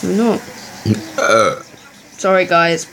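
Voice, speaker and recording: A woman giving excitable, chatty commentary while playing a football video game, cheering and muttering by turns. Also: on the low side, slow pace, gravelly, a little hiss or hum, rough recording. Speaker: gaming channel host. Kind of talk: live gameplay commentary.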